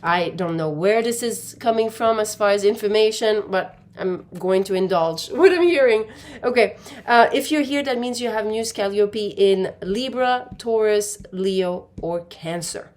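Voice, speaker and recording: A woman's voice: mid-range voice, unhurried, darkish tone. A woman giving an intuitive pick-a-pile tarot reading, speaking in a meandering way and calling her viewers "my dear". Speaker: tarot card reader.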